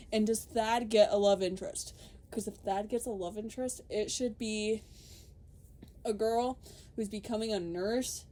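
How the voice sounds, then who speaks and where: A woman's voice: medium pitch, dark tone, a little hiss or hum. A young woman podcaster ranting in casual chat, swearing freely, laughing and quoting people in put-on voices.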